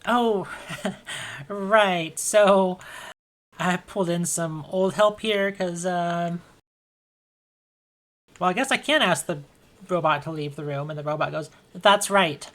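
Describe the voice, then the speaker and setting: A woman narrating a tabletop game as game master, relaxed and loose. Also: lowish voice, slow pace, long pauses. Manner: relaxed, with fillers and restarts.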